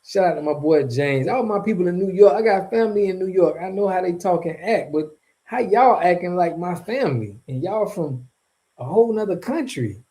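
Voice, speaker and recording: A man's voice: high-pitched, expressive, brisk, dark tone. A man from Florida giving casual, rambling commentary in a vlog, heavy on slang and chuckling between points. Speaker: vlogger.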